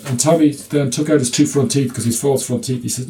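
A man's voice: mid-range voice, fairly even intonation, moderate pace, hardly any pauses, warm tone. A middle-aged man, a clinic doctor answering interview questions, stumbling over restarts and telling anecdotes with humour. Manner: hesitant restarts, anecdotes with quoted dialogue and humour.

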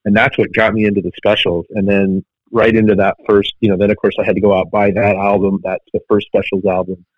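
A man's voice: on the low side, brisk, no room sound. A middle-aged man calling in as a guest, reminiscing in an easygoing way. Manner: relaxed, reminiscing. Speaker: guest on the line. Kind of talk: casual chat. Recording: dull remote line.

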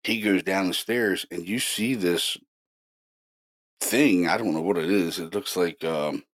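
A man hosting a paranormal show, casually and excitedly retelling an investigation with lots of fillers. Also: low voice, a little slow. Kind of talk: casual storytelling.

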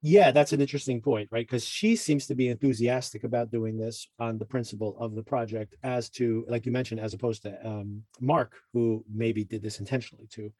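Mellow husky guy rambling through a tv recap, dry sound. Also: mid-range voice, fairly even intonation, brisk, hardly any pauses, no echo. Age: adult parent. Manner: chatty, rambling with fillers and asides. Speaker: podcast host. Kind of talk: casual TV recap chat.

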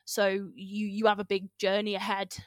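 A woman's voice: medium pitch, monotone, moderate pace, natural voice. A wily old shoemaker from a told folk tale, coaxing and patient, spinning a tall tale in a plain, folksy voice, as a woman storyteller puts him on. He sounds dry and close to the mic, with no room echo. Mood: persuasive. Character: clever, calm old male cobbler.

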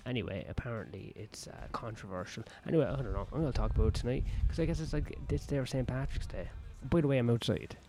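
A stand-up comedian, rambling crudely and jokingly in a casual vlog, recorded outdoors on a patio. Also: male voice, medium pitch, fast talker, hardly any pauses, dark tone, soft background music.

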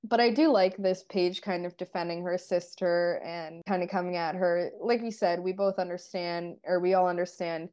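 Podcast cohost lady, kinda low warm voice, super chatty and laid back. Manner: relaxed, chatty, uses many fillers. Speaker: podcast co-host. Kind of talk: casual TV episode recap chat.

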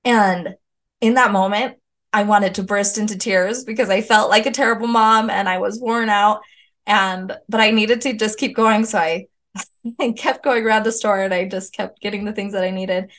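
A woman's voice: mid-range voice, fairly even intonation, moderate pace, fairly bright tone. A woman hosting a parenting show, candidly telling a personal story with ums and restarts. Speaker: parenting podcast host.

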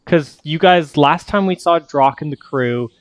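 A man's voice: a little high, measured pace, no room sound. A man narrating as game master, rambling and correcting himself as he explains the scene.

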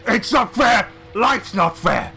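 A man's voice: high-pitched, expressive, takes it slowly, vocal fry, pushed and bright, breathy edge, soft background music, pitched above the performer's own voice, full character voice. A man voicing a fat, foul-mouthed male cyborg corporate boss who taunts and gloats in a tabletop role-play. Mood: taunting.

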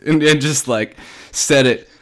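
A young man co-hosting a podcast, telling stories in a casual, animated way, often laughing and mimicking the people he quotes. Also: mid-range voice, a little slow. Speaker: podcast co-host. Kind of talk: casual storytelling chat.

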